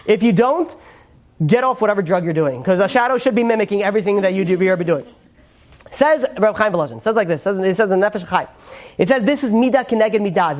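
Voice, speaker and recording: Fast-talking rabbi teaching a class. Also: male voice, high voice. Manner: animated, joking asides, quick Hebrew quotes then translating. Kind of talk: Torah class lecture.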